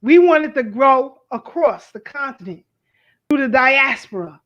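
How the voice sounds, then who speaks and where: Urgent female co-host with a high voice on a muffled line. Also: expressive, normal speed. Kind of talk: casual commentary.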